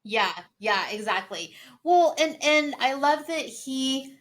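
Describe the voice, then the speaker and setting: A woman's voice: high-pitched, slow. A woman co-hosting a book review, chatting casually and gushing, with lots of "like" fillers. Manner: gushing, animated, many "like" fillers. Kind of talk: casual chat.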